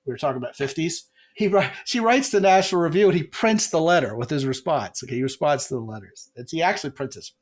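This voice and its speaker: A middle-aged man hosting a podcast as a comedy coach, telling stories in a lively way and jumping his pitch for quoted voices. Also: fast, hardly any pauses. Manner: animated storyteller, jumps pitch for quoted voices. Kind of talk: casual podcast chat.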